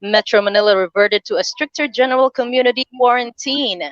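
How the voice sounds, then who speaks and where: A woman presenter reading a news bulletin in a steady, measured way. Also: fairly high pitch, heavy background noise. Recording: dry, dull lo-fi sound.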